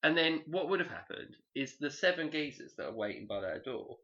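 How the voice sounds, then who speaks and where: A man's voice: on the high side, big pitch swings, fairly quick, pushed and bright. A man co-hosting a casual podcast, joking and rambling as he talks and swearing freely. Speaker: podcast co-host. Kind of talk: casual chat. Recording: dull lo-fi podcast audio.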